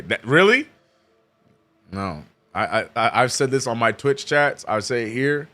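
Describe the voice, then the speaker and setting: A man hosting a casual live watch-along stream, reading viewer chat aloud and reacting with sudden high exclamations. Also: animated, measured pace, sharp tone, soft background music. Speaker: streamer host.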